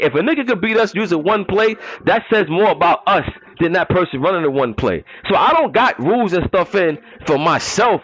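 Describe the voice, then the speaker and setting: A New man holds forth in a long rant as a gaming league commissioner. His voice sits a bit high and swings widely in pitch. He repeats himself for emphasis, leans on street slang and fires off mocking rhetorical questions. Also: rough recording. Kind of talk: ranting monologue.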